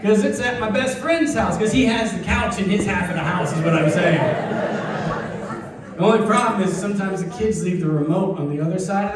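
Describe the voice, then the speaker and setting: A man performs a stand-up set on a club stage, shifting from dry, deadpan storytelling into sudden squeaky bursts. His fairly high voice rings through a very echoey hall, picked up from some distance. A lively audience murmurs and laughs behind him. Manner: deadpan storytelling with big high-pitched outbursts. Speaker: stand-up comedian.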